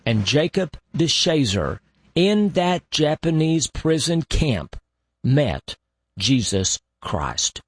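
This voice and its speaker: A man hosting a radio show, narrating in a slow, deliberate way with long dramatic pauses. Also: medium pitch, slightly rough, dry recording.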